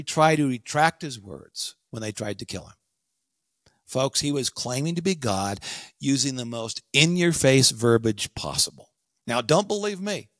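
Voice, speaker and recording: A man's voice: a little high, a bit bright, no room sound. Emphatic man teaching, dry close sound. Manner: emphatic, addresses listeners directly. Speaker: podcast host. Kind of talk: scripted teaching monologue.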